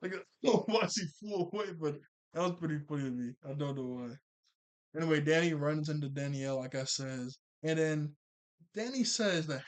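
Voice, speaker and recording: A man's voice: fairly high pitch, brisk. Chatty man rambling through an episode recap. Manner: rambling and chatty, full of filler "like"s and self-corrections. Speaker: cartoon episode reviewer.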